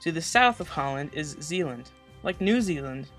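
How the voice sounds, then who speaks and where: A man's voice: fairly high pitch, animated, moderate pace, fairly bright tone, faint music behind. A teenage boy narrating a school presentation as a comedic voice-over, full of sarcastic, mocking asides. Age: teens. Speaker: student presenter.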